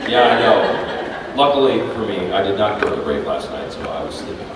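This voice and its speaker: A man's voice: fairly low pitch, a little fast. Laughing man in an echoey hall. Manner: animated, laughing, storytelling, swears casually. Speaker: voice actor, panel guest. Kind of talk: convention panel Q&A. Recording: echoey hall from far off, noisy.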